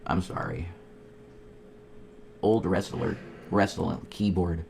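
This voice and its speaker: A man ranting in a casual livestream, profane and excitable, jumping between loud outbursts and muttered asides. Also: mid-range voice, fairly quick, a little hiss or hum. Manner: profane, excitable, nostalgic rambling. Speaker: streamer. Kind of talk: rambling casual livestream chat.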